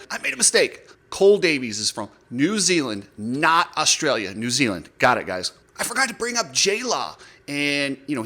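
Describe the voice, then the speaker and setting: A man's voice: a little high, sharp tone. A man hosting a motocross channel, giving blunt, opinionated and jokey commentary straight to camera.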